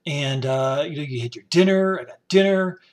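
A man's voice: a little high, moderate pace. A man from upstate New York telling rambling stories from his past in a casual spoken-memoir style, full of "you know" fillers. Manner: rambling, warm storytelling with many "you know" fillers and quoted voices. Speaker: storyteller.

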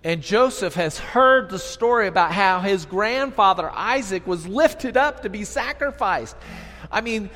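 A preacher with a fairly high voice tells the story in an animated, conversational way, often slipping into the voices of the people he describes. His voice carries a long reverb from a large hall. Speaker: pastor. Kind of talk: sermon storytelling.

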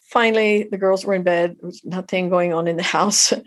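A middle-aged woman tells an emotional personal story as an interview guest, halting and heartfelt, often restarting her sentences. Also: fairly low pitch, fairly even intonation.

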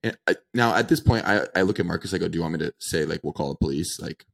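A man's voice: low voice, fast, gravelly. A man in his twenties, co-hosting a podcast, casually telling a story and acting out the people in it. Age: 20s. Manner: animated storyteller acting out dialogue. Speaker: podcast co-host.

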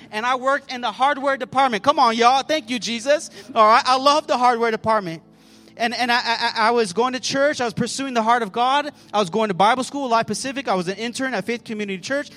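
A man's voice: very high-pitched, bright, forceful tone. A man preaching a sermon as pastor, calling out to the congregation and often repeating words as he restarts a phrase. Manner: fervent, calls out to the congregation.

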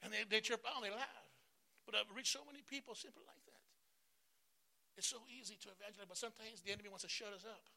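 A man pastor preaching a sermon, calling out to the congregation for responses and swinging between loud bursts and soft asides. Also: high-pitched, steady tone, quick pace, gravelly. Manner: emphatic call-and-response preaching.

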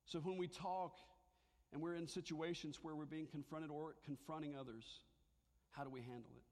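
Man, pastor, conversational sermon, fairly high voice, long hall reverb. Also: fairly even intonation, moderate pace, a little mellow. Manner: conversational, joking with the congregation. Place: church sanctuary.

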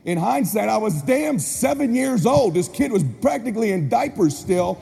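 A man's voice: sits high, normal speed, gravelly, slightly rough, soft background music. A man giving a motivational speech, telling a childhood story to an audience and acting out voices. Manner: animated, acts out voices with shouts. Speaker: motivational speaker. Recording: reverberant hall, faint ambience.

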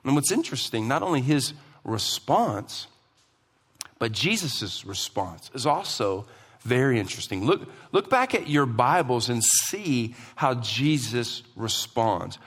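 A man's voice: medium pitch, big pitch swings, unhurried, a bit bright, husky. A man preaching a sermon as pastor, emphatic and asking the congregation questions, in a church hall. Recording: long hall reverb.

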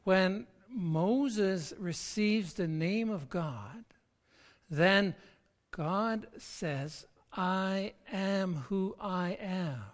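A pastor delivers a sermon at an unhurried, deliberate pace. The delivery is emphatic, with words repeated as each point builds. Long reverb from a church hall trails behind every phrase. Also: medium pitch.

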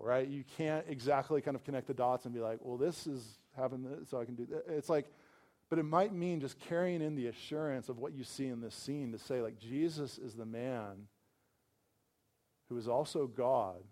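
A male pastor gives a sermon in an easygoing, conversational voice of middling pitch. He talks in loose run-on phrases studded with "like," and he slips into quoted voices to act out how people react. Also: a little mellow. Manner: conversational, full of "like" fillers, acts out quoted voices.

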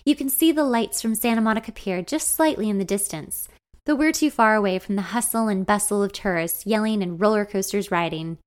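A woman's voice: mid-range voice, brisk. Woman narrating a novel in first person. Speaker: audiobook narrator.

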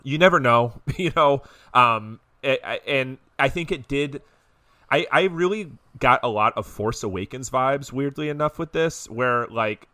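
A man co-hosting a podcast, talking in a relaxed, rambling way with plenty of fillers. His voice is bright and forward, recorded dry and close. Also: medium pitch, a little slow, no echo. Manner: conversational, hedging with fillers. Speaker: podcast co-host. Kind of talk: casual chat.

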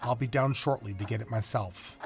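A man voicing a brisk, caring male doctor who talks in a firm, matter-of-fact way. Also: mid-range voice, vocal fry, faint music behind, close to an everyday voice.

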